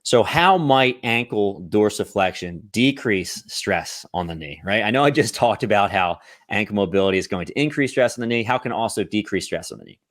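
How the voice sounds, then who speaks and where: Fairly low-pitched but animated and fairly bright, a male fitness coach explains exercise technique step by step at a fairly quick clip, hardly pausing. He keeps asking "right?" and "okay?" in a clean, echo-free studio recording.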